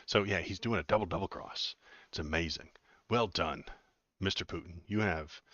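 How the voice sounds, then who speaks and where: A deep-voiced man rambles through political news on his livestream, dropping sarcastic jokes between filler words. The sound is dry and slightly dull, like a cheap home mic. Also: moderate pace, bright, forceful tone, no echo. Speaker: political commentary streamer. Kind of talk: casual livestream commentary.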